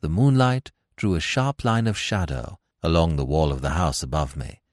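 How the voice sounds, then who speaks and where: A man's voice: rumbling low, moderate pace, no echo, studio quality. A man narrating a classic adventure tale in a dramatic, suspenseful reading style.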